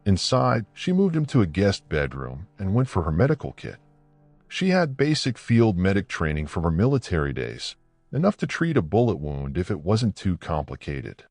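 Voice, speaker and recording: A man tells a tense story in scripted, dramatic narration. His voice is low but rises and falls with lively movement. It is recorded dry and close, with faint music underneath. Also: moderate pace, dry recording.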